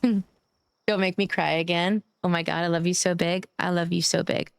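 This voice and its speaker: A woman's voice: lowish voice, little pitch movement, normal speed, vocal fry, clean tone, dry recording. Gushing woman streamer, dry close mic. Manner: affectionate, gushing, swears casually. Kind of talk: casual live-stream chat while gaming.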